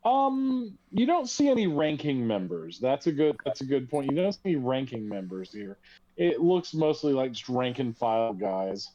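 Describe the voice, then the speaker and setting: Relaxed man running a tabletop game. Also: mid-range voice, normal speed. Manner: relaxed, chuckling, says y'all. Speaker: game master. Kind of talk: narrating a tabletop game over voice chat. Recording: dull lo-fi voice chat audio.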